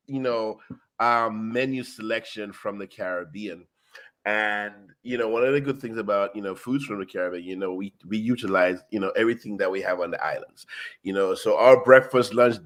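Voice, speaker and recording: A man hosting a casual food chat, hyped and talkative, full of "you know" and "boom". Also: fairly bright tone. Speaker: show host. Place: South Florida.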